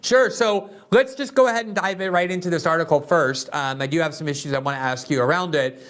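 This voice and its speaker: A man's voice: fairly high pitch, fast talker, fairly bright tone. A man hosting a political show, delivering commentary in a sarcastic, mocking manner before interviewing a guest. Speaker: host.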